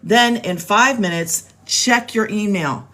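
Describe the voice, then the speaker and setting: A middle-aged woman runs a relaxed live stream from her home, pitching online business programs to viewers she addresses directly and greets by name. Her voice is medium-pitched and fairly bright, her pace slow, her manner chatty and cheerful. It's captured on a phone microphone.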